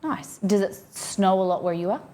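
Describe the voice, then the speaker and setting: A woman's voice: medium pitch, moderate pace, dark tone. An Australian woman livestreaming from her home office, chatting casually and rambling as she reads out viewers' messages.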